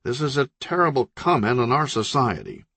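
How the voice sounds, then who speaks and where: A man voicing a blunt, irritable male crime boss who talks in a gruff, impatient, insulting way. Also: medium pitch, very animated, fairly quick, pushed and bright, dry recording, pitched above the performer's own voice, full character voice.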